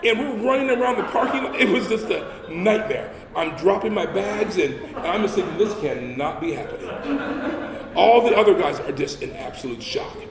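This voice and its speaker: A man's voice: high-pitched, expressive, brisk, few pauses, distant mic, crowd noise. A man giving a humorous storytelling sermon as a guest speaker. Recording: echoey hall with faint ambience.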